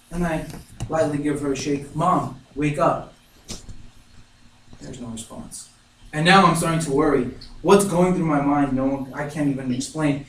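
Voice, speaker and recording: A young man giving an earnest, emotional narrative speech, telling a personal story. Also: mid-range voice. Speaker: student speaker. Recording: echoey room, mic far off, faint noise.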